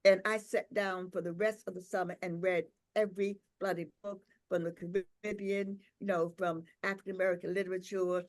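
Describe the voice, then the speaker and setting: An older woman, a professor and invited speaker, tells a personal story at a tribute gathering in an unhurried, reflective way, pausing often on "um" and "uh" and checking in with "right?". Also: lowish voice, flat delivery. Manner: repeats words and checks in with "right?".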